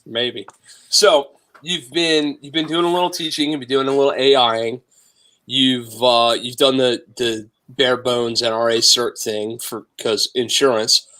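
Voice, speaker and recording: A man's voice: medium pitch, steady tone, unhurried, pushed and bright. A man hosting a casual podcast, talking bluntly and emphatically, with plenty of swearing. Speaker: podcast host.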